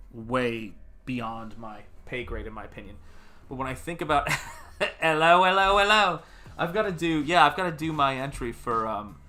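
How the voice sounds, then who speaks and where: A man's voice: medium pitch, pushed and bright. A man from America hosting a casual art livestream, rambling and chatty as he greets viewers in the chat. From United States. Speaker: artist livestream host.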